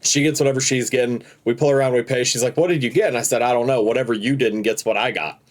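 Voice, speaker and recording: A man's voice: medium pitch, fairly even intonation, fast. A man co-hosting a casual podcast, telling stories animatedly and laughing through them. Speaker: podcast co-host. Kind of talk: casual chat, storytelling.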